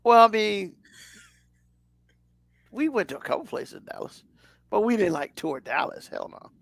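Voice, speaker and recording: A man's voice: sits high, big pitch swings, normal speed, gravelly, no echo. A man co-hosting a podcast, chatting casually in a rambling way full of fillers. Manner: rambling, loose, lots of fillers. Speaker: podcast co-host. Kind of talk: casual chat.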